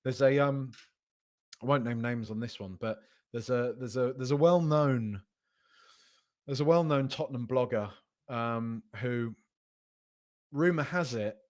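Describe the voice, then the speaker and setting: A man's voice: mid-range voice, a little slow, long pauses, darkish tone. A young man hosts a loose, conversational football podcast and talks straight at his viewers. He argues emphatically, circles back to repeat his key phrases, and his voice rises when he insists something is true. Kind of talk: casual live-stream commentary reading chat.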